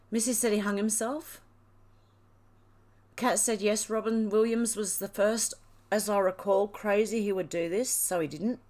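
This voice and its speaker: A woman hosting a livestream, reading out chat messages and getting teary as she thanks her viewers. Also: mid-range voice. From Australia. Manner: emotional, gushing, tearful thanks. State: teary, crying.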